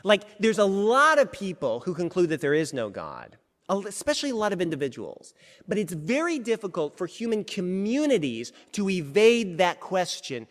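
A male preacher with a fairly high voice delivers a sermon in an animated, conversational way. His pitch swings widely as he restarts and rephrases often. A long reverb trails his voice through the large hall. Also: normal speed.

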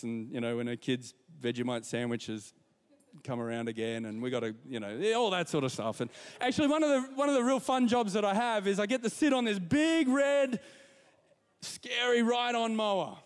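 A man's voice: high voice, clear, resonant tone, long reverb tail. A man preaching a sermon, telling personal stories with asides to the congregation. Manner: warm storytelling with repetitions and asides to the congregation. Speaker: pastor.

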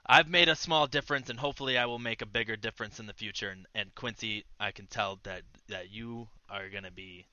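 Man in tabletop role-play, very bright tense tone, muffled lo-fi mic. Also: on the low side, fairly quick, hardly any pauses, no echo. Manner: eager, stammering restarts. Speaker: player voicing a detective.

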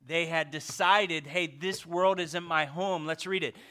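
A man in his thirties preaching a casual sermon, swinging from loud exhortation to hushed emphasis. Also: fairly high pitch, steady tone, measured pace.

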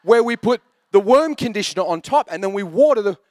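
A man's voice: high voice, lively intonation, fairly quick, no echo, clean studio sound. A man in his thirties preaching a sermon as pastor, telling jokey stories in a chatty way. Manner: chatty, joking storyteller.

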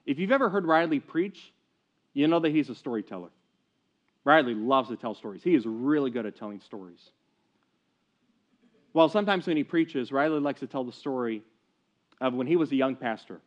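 A man's voice: medium pitch, animated, moderate pace, long pauses. Earnest male pastor telling a story. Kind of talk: sermon. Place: church service, streamed online. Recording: dull lo-fi recording.

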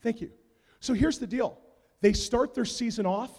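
A man from Canada with a very high voice preaches and tells his story in a sanctuary, the sound ringing in a long hall reverb. He is an animated storyteller who drops into quiet asides and then bursts into shouts. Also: normal speed, husky. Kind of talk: sermon storytelling.

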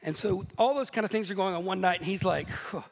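A man preaching a sermon, telling stories in a lively, animated way and laughing at himself now and then. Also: high voice, fast talker, creaky. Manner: storytelling, animated, self-deprecating laughs. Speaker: pastor. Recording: echoey hall.

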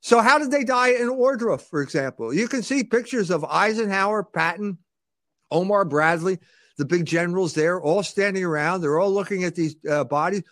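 A man's voice: high voice, normal speed, a bit bright, dry recording. A man being interviewed, arguing his case with rhetorical questions and frequent restarts. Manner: rhetorical questions, repeats words when starting sentences. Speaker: guest. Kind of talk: argumentative interview talk.

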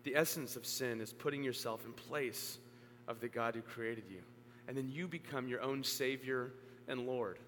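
A male pastor preaching a sermon to a congregation. He speaks earnestly, rising to emphatic peaks and then dropping low. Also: normal speed, a bit bright. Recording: long hall reverb, faint hum.

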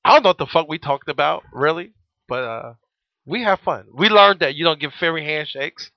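A man's voice: a little high, brisk, vocal fry, no room sound. A man in his thirties co-hosting a podcast, telling stories in a profane, joking way. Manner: profane, joking, animated storytelling. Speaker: podcast co-host. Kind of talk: casual chat. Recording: muffled lo-fi audio.

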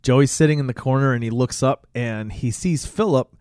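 A man's voice: medium pitch, moderate pace, clear, resonant tone, dry recording, clean studio sound. Profane man recapping a movie. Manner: profane, animated retelling with quoted voices. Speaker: podcast co-host. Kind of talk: casual movie recap chat.

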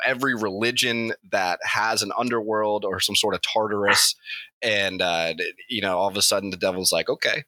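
A man's voice: on the low side, sharp tone, no room sound. A man telling a rambling, crude comic story off the cuff, swearing often and playing the characters himself.

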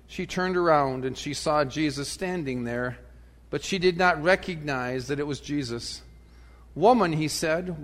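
A man leading a church service as pastor, reading the gospel, praying and preaching in a measured, emphatic way. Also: fairly high pitch, fairly bright tone, big-room sound. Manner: measured, emphatic reading with rising and falling delivery. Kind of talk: sermon with gospel reading and prayer.

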